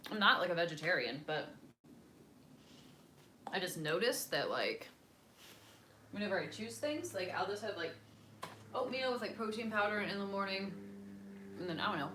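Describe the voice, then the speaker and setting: A young US woman with a mid-range, bright, forceful voice chats casually with her live viewers, animated and at normal speed while pausing often. She rambles with many fillers and moves between topics and languages, over slight background noise.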